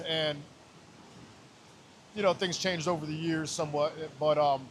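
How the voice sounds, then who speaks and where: A man's voice: a little high, steady tone, unhurried, creaky, slight background noise. A man in his thirties, a podcast guest, telling a personal story in casual talk, raw and emotional and swearing freely. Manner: raw, emotional, swears often, retells scenes with quoted voices.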